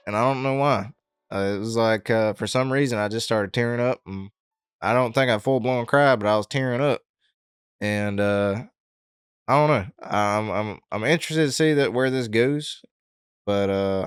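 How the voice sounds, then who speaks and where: A man hosting a casual reaction video speaks in a lowish, smooth voice. He thinks aloud, halting often and filling gaps with "uh." The sound is close and dry, with faint music underneath. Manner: thoughtful, halting, with many fillers. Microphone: headset.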